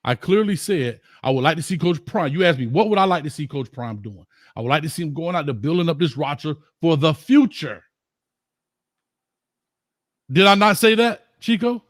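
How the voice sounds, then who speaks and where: Lively high-pitched man arguing hard. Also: normal speed, no echo, studio quality. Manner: argumentative, interrupting, rising to shouts. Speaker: co-host. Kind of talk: heated debate.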